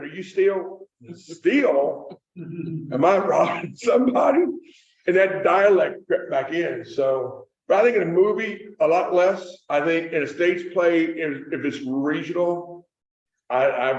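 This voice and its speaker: A middle-aged man with a Kentucky accent speaks in a fairly high voice as he gives a casual talk to a live audience. He rambles through his stories and keeps correcting himself. He sounds far from the mic in an echoey room, and the recording is dull. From Kentucky, USA. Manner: chatty storyteller with frequent restarts and self-corrections. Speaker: author and screenwriter giving a talk.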